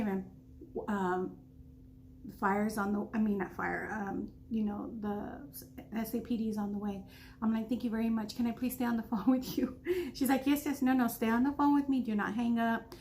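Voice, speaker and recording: A woman's voice: medium pitch, a little mellow, a little hiss or hum. A woman vlogger earnestly retelling a frightening night, acting out the dialogue with many restarts. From Texas. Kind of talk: storytime vlog.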